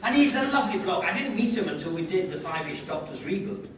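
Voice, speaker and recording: An older Scottish man telling animated, laughing anecdotes as a guest on a fan convention panel. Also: high voice, fast. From Scotland. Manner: animated, laughing, slips into impressions. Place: large indoor convention hall. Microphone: audience camcorder from far off. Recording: echoey hall, far off, crowd noise.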